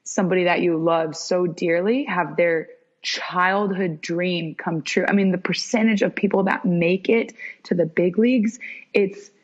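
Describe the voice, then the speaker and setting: A woman's voice: on the low side, measured pace. A young woman, a podcast guest, telling stories in a casual interview and acting out the dialogue. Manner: animated, acts out quoted dialogue. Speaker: podcast guest, former pro soccer goalkeeper. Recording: dull lo-fi podcast audio.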